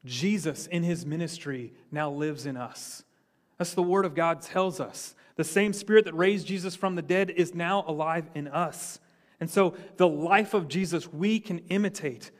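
A man preaching a sermon in a slightly high voice. He speaks earnestly, lifting his voice on key points and letting it fall low on the quieter lines. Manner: earnest preaching, rising for emphasis then dropping low. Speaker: pastor.

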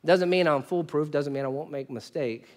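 Male pastor, high voice, lively sermon storyteller, loud-to-hushed swings. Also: brisk. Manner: animated storytelling, wide swings between loud bursts and quiet asides.

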